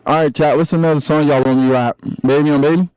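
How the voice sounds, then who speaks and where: A man's voice: fairly high pitch, steady tone, quick pace, darkish tone, clean tone, no echo, rough recording. A young man livestreaming, chatting with his viewers in slangy, hyped talk and rapping along to songs on a close desk mic. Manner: slangy, hyped, addresses chat constantly, raps lines between chatter. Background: music playing.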